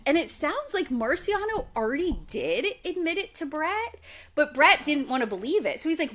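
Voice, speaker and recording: A young woman co-hosting a podcast, chatting casually and acting out quotes in lively voices. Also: high-pitched, moderate pace. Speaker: podcast co-host. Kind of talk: casual chat recapping reality TV.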